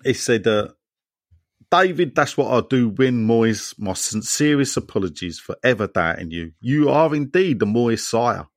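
Bloke hosting a chatty podcast, jokey, lively up-and-down voice. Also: male voice, medium pitch, measured pace, dry recording, studio quality. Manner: jokey banter with co-hosts, animated. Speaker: podcast host. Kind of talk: casual chat, reading listener messages.

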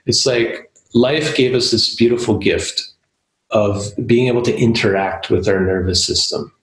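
A man's voice: fairly low pitch, measured pace, reverberant, low-quality recording. A man who teaches yoga and breath work, speaking as a podcast guest in a thoughtful, earnest way. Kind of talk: casual podcast conversation.

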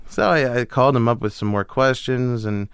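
A man's voice: mid-range voice, fairly quick, clean tone, dry recording, studio quality. A young man, a comedian guest, telling stories in a casual interview and acting out the voices of the people he quotes. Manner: animated storyteller who acts out quoted voices. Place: host's garage studio.

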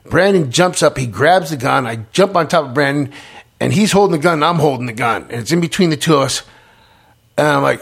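A man's voice: a little high, fast, a bit bright. A middle-aged man telling his story in a casual interview, stumbling over repeated words and restarts. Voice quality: gravelly, husky, many repeated words and restarts.

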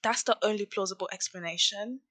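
A woman chatting casually as a podcast co-host, animated and quick to laugh. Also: medium pitch, no echo. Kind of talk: casual chat.

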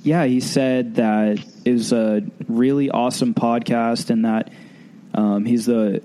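A man's voice: mid-range voice, fairly even intonation, unhurried, warm tone. A man co-hosting a podcast in casual chat, a bit stuffy from a sinus cold, earnest and easygoing. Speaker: podcast co-host.

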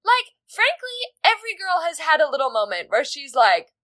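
A woman's voice: high voice, huge pitch swings, moderate pace, sharp tone, dry recording. A woman co-hosting a book podcast, casually and animatedly retelling scenes from a novel. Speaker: podcast co-host.

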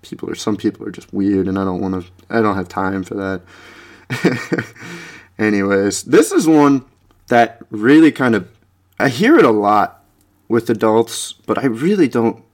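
A young man hosting a podcast, rambling in casual chat with lots of fillers and laughter, now and then mocking people in a high voice. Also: lively intonation, measured pace. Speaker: podcast host.

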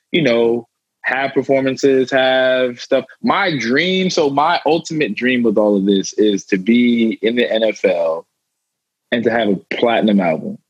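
Husky-voiced young man, dull dry audio. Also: medium pitch, lively intonation, measured pace, no room sound. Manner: loose, rambling, repeats himself. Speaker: guest athlete and rapper. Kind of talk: casual interview talk.

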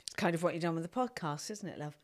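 A woman's voice: on the low side, expressive, fast. A woman, a podcast host, reacting to a guest's story with laughter and short remarks. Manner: laughs along, interjects reactions. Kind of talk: casual chat.

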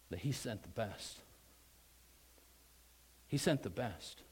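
A man's voice: lowish voice, animated, takes it slowly, long pauses, slightly rough. Emphatic man preaching a sermon. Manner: emphatic preaching, rising to loud stressed words and dropping to quiet asides; repeats phrases for emphasis, with restarts. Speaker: pastor.

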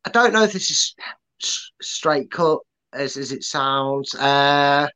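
A man's voice: a little high, takes it slowly, bright, forceful tone, smooth, poor audio. A man co-hosting a casual football prediction chat, playful and rambling, with many restarts. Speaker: podcast co-host.

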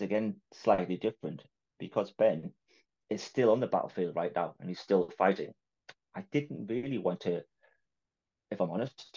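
A man's voice: on the low side, mellow, breathy edge, highs cut off. A man with a Geordie accent hosting a podcast, chatting casually, laughing often and acting out little quotes. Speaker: podcast host. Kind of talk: casual chat.

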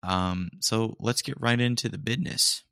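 A young man hosting a podcast, chatting casually and rambling, his voice a little hoarse. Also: lowish voice, normal speed, no echo, clean studio sound. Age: young adult. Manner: rambling, relaxed, many fillers. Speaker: podcast host. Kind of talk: casual solo chat.

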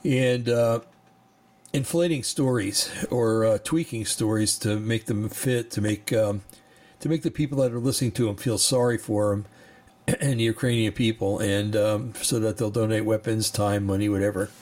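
Tired low-voiced man hosting a podcast. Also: steady tone, a little mellow. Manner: tired, halting, many fillers and pauses. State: sleepy, yawning. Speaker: podcast host. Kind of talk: casual monologue reading articles aloud.

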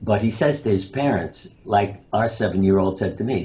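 A man's voice: on the low side, normal speed, few pauses, dark tone. A man who is a surgeon and author, telling stories as an interview guest and acting out the quoted lines. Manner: anecdotal, acts out quoted lines. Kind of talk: interview storytelling. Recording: dull lo-fi sound with faint noise.

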